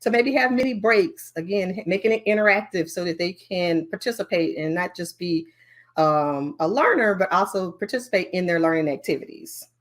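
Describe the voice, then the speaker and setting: A woman leading a conference training session on learning design, talking in a lively, chatty way with many fillers and asides. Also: on the low side, normal speed.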